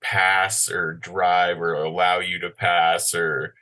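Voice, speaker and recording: Deep-voiced excitable guest. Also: male voice, takes it slowly. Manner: excitable storytelling, acts out quotes, swears. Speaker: podcast guest. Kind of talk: casual chat.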